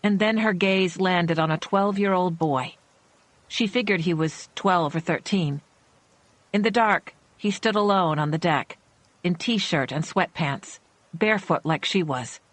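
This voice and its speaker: Low-voiced woman narrating a thriller. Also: measured pace, dry recording. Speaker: audiobook narrator.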